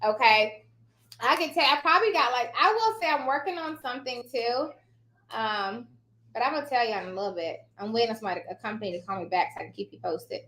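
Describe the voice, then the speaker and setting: A woman with a bright, fairly high voice chats casually on a live stream as a trainer. She rambles, loses her thread and laughs often. Her voice rings in a roomy, echoey office. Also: fast. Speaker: online notary trainer and host. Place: home office.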